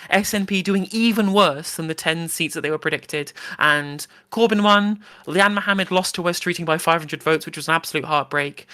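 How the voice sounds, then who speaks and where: A man co-hosting a live stream, speaking in a brisk, emphatic way in casual political chat. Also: fairly high pitch, bright, forceful tone.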